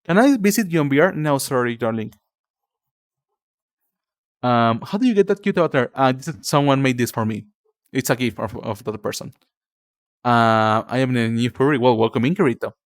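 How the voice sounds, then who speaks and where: A man's voice: mid-range voice, expressive, fairly quick, long pauses, dry recording. A young man from Mexico, a native Spanish speaker with a Mexican Spanish accent, chatting casually with stream viewers, rambling with many fillers and calling them darling. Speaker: livestreamer.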